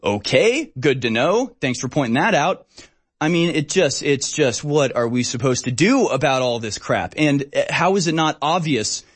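A man's voice: a little high, lively intonation, normal speed. A man hosting a talk show, running through news stories in an exasperated, sarcastic rant full of fillers and short laughs. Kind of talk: ranting news commentary.

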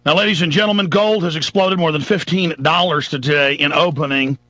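A man's voice: on the high side, fairly quick, bright, forceful tone, no echo, dull audio. A man hosting a talk radio show, delivering an emphatic, ranting monologue. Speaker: radio host.

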